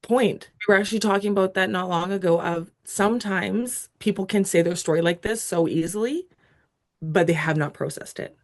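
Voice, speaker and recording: A woman's voice: mid-range voice, normal speed. A woman guest on a podcast telling a personal story with feeling, acting out what she said back then. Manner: animated, acts out her own past lines.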